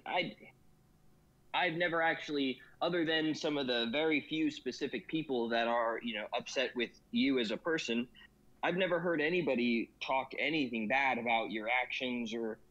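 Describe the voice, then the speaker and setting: Man, guest, casual chat, rambling, mid pitch, slightly muffled lo-fi recording. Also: normal speed, a bit bright. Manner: rambling, constant "you know" fillers. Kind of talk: casual discussion. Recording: slightly dull lo-fi audio.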